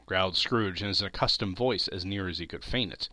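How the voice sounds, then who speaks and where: A man's voice: deep voice, brisk, bright, forceful tone. A man hosting a podcast gives a dramatic reading of a classic story, telling it expressively and with emphatic swings. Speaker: podcast host and reader.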